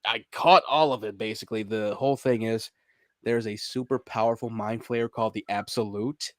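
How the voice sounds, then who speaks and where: A man's voice: lowish voice, fairly even intonation, normal speed, no echo, studio quality. A man co-hosting a casual podcast, often laughing, restarting sentences and trailing off as he talks. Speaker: podcast co-host. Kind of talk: casual chat about video games.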